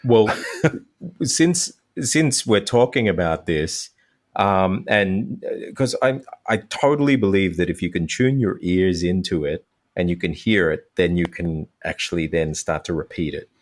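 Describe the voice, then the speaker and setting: A male language teacher, a podcast guest, explaining ideas in an animated, easygoing way and laughing easily. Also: sits low, normal speed. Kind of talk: conversational explanation.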